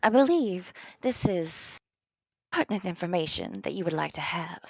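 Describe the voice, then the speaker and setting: A woman's voice: medium pitch, lively intonation, measured pace, dry recording. Woman playing a courtly scheming noblewoman. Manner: formal, polite, diplomatic. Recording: slightly dull, dry sound.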